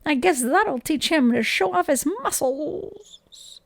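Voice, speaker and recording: A woman reading aloud and voicing a smug, spiteful male house cat with a slow mocking drawl. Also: high voice, lively intonation, gravelly, no room sound, voice pushed up, exaggerated voice.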